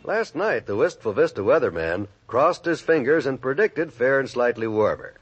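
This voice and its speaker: A man announcing a radio show with smooth, measured introductions. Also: medium pitch, very animated, lo-fi sound. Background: loud music.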